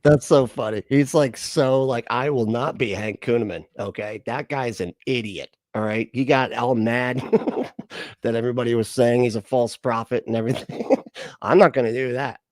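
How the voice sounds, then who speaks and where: A man's voice: medium pitch, normal speed, a little mellow, no echo, studio quality. A man hosting a livestream reaction, mocking the clip in a casual, sarcastic way and laughing often. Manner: sarcastic, laughs often, puts on silly voices.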